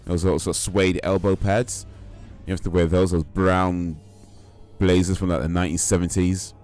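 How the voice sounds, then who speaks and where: Deep-voiced laid-back young male streamer. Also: level tone, normal speed, a little mellow, faint music behind. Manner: rambling, laid-back, slangy. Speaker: game streamer. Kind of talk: casual live-stream chat while gaming.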